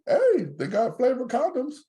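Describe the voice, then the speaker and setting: A man's voice: very high voice, normal speed. A man co-hosting a podcast, in casual joking banter. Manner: joking, animated storyteller. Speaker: podcast co-host.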